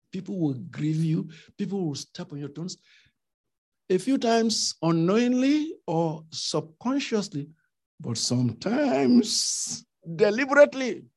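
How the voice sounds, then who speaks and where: A man preaching a sermon with emphatic rhetorical questions, swinging between loud and soft delivery. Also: fairly high pitch, vocal fry.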